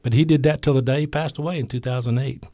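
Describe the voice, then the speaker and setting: Earnest pastor, dry studio sound. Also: male voice, medium pitch, steady tone, warm tone, dry recording. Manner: plain, earnest, halting. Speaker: pastor and food bank leader. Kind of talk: casual radio interview. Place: church studio.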